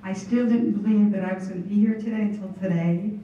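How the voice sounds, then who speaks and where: A woman in her late thirties speaks from the heart as an honored student, emotional and earnest. Her voice is mellow and comes from well off the mic, washed in the long echo of a big hall. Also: mid-range voice, steady tone, fast talker. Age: 30s. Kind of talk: unscripted acceptance speech. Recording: echoey hall from far off, dull.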